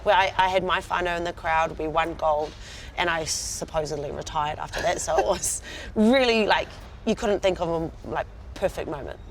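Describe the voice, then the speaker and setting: Woman, New Zealand accent, thirties, relaxed interview talk, lowish voice, faint background hum. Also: moderate pace. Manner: warm, proud, laughs easily. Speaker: rugby player guest.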